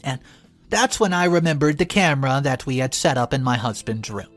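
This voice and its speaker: A woman telling a first-person story aloud, expressive, her voice jumping up for quoted lines. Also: very deep voice, fairly quick, soft background music.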